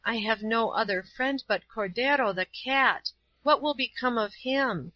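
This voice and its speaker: A woman voicing a frail, dying old woman who speaks weakly and slowly with gratitude. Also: on the high side, no echo, lo-fi sound, pitched above the performer's own voice, lightly acted. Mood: faint.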